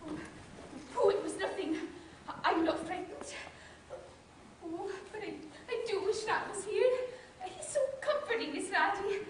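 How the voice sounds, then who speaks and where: A woman's voice: extremely high pitch, animated, unhurried. A woman playing a timid, stammering little mole. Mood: frightened. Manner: nervous, stammering and breathless. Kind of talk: stage play performance. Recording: distant echoey stage recording with faint hiss.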